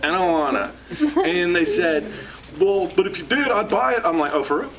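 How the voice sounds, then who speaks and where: The recording is muffled and very noisy, taken from a distant mic with the audience all around. On it, a Southern man who writes and teaches delivers jokes and stories to a live audience at a moderate pace, in a high-pitched voice, animated and joking throughout.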